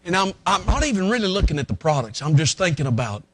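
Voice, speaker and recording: A man's voice: sits high, very animated, fast talker, few pauses, fairly bright tone, slightly rough, no room sound. A man preaching a sermon as a folksy, emotional story, now and then breaking into a hymn.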